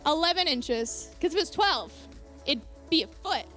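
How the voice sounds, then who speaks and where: Young female co-host, high voice, playful and joking, faint music behind. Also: lively intonation, moderate pace, bright, forceful tone. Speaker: youth show co-host. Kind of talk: playful livestream banter.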